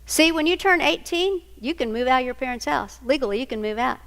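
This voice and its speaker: A middle-aged woman with a fairly high voice tells stories to an audience. She slips into different voices for the people she quotes, and her words carry a long echo from a big hall. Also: brisk. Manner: animated storyteller, acts out quoted voices. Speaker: speaker on single parenting. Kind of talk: storytelling talk to an audience.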